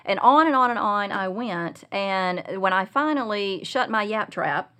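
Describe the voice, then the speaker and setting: A middle-aged woman telling a personal parenting story as a guest, earnest and confessional, growing animated when she retells scenes. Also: mid-range voice, unhurried. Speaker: guest speaker on Christian parenting.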